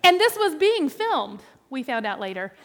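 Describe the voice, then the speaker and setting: A woman telling an animated, playful story to an audience, with quick jumps into the voices of people in it. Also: high-pitched, slight background noise. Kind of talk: lively storytelling talk. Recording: long hall reverb.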